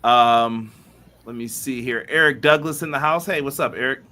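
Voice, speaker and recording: A man's voice: mid-range voice, moderate pace. A man co-hosting a wrestling podcast, casually reading out viewer chat messages and greeting people by name. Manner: upbeat, reads chat messages aloud, shouts out viewers. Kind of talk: casual live-stream chat.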